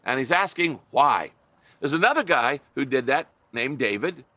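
A man's voice: mid-range voice, lively intonation, normal speed, bright, forceful tone, dry recording. A middle-aged man preaching a sermon as a pastor, earnest and conversational, with wry asides to his listeners.

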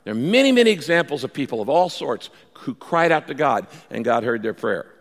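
Animated preaching man in a reverberant hall. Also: mid-range voice, a little fast. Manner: animated preaching, acts out pleading prayers. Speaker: pastor. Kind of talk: sermon.

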